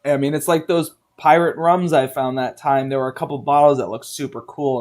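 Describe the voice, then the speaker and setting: A man co-hosting a live whiskey show, talking in a relaxed, teasing way and laughing often. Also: a little high, moderate pace, hardly any pauses. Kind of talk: casual chat.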